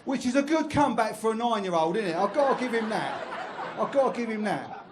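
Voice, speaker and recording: London stand-up comic, high voice. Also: male voice, sing-song, brisk. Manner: chatty, crowd-teasing, crude punchlines. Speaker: stand-up comedian. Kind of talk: stand-up comedy set. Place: comedy club stage. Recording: live comedy club, noisy.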